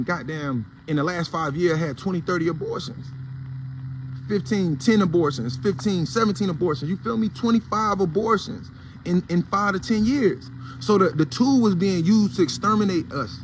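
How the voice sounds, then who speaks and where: On this morning commentary show, the male host has a higher-pitched voice and an African American Vernacular English accent, with a slight hiss or hum in the audio. His casual delivery is blunt and heated, profane and sermonizing.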